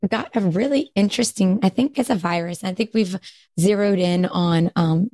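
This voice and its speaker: A woman co-hosting a podcast in casual chat, her voice hoarse, raspy and squeaky from a cold, chatty and quick to laugh. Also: warm tone, no echo. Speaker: podcast co-host.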